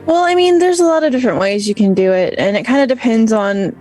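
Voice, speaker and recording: A woman's voice: on the high side, animated, quick pace, a little mellow, soft background music, rough recording. A woman co-hosting a casual live-stream chat, thinking aloud and filling gaps with "like" and "you know". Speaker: co-host and role player.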